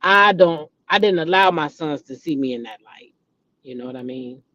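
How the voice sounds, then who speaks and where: A woman's voice: sits low, animated, moderate pace, bright, forceful tone. A middle-aged woman hosting a casual gossip chat. She talks animatedly, repeats names and breaks into dramatic exclamations. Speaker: host. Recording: dull lo-fi recording.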